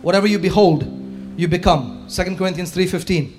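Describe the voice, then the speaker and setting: Male pastor, fervent sermon, high-pitched, soft guitar underneath. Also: fairly even intonation, fairly quick. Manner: impassioned preaching, swinging from shouts to hushed tones. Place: church hall before a congregation.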